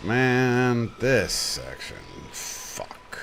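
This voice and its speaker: Male speedrun streamer, gravelly and unhurried, lively pitch jumping up when he yells at the game. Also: faint music behind. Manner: swearing, exasperated, shouting at enemies. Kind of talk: live gameplay commentary.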